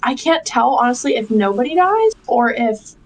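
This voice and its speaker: A woman's voice: a little high, very animated, normal speed, poor audio. A young adult woman co-hosting a podcast, rambling in casual chat with lots of fillers. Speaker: podcast co-host.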